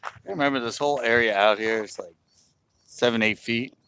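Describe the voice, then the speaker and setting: A man with a mid-range, sharp-toned voice hosts a fishing livestream at a lake, talking at normal speed into his phone camera. He chats casually and laughs often, with a little hiss or hum in the audio.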